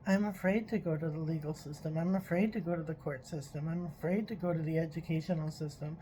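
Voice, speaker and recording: A woman's voice: sits low, fairly even intonation, fast, dark tone, slight background noise, low-quality recording. A woman talking in an earnest, frustrated personal vlog, doing a tarot reading and stopping now and then to apologize. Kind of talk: emotional personal vlog monologue.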